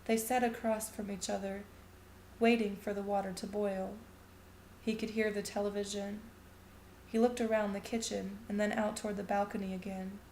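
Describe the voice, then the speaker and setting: A woman reading a short story aloud in a steady, even narrating voice. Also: medium pitch, moderate pace, slight background noise. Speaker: reader. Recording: echoey room.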